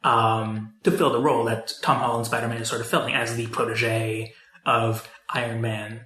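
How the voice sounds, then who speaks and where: A man with a bright, forceful voice rambles through a casual movie chat, full of fillers and false starts. His voice bounces around an echoey room. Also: medium pitch, flat delivery, normal speed. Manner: rambling, many fillers and restarts. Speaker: podcast co-host.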